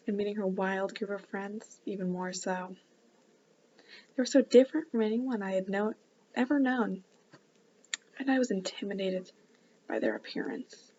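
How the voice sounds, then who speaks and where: A woman casually reading a novel aloud in a soft, hushed voice, stopping now and then for chatty asides. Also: mid-range voice, highs cut off, slight background noise. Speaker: book club reader.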